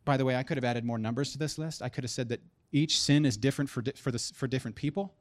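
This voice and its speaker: A man in his thirties preaching a sermon as pastor, animated and joking, building to emphatic punchlines. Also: mid-range voice, very fast.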